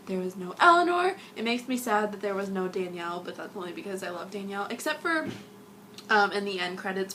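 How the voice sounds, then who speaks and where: A young woman vlogger rambling through a casual fan review, gushing and giggly, a little sick and husky. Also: mid-range voice, a bit bright, a little hiss or hum.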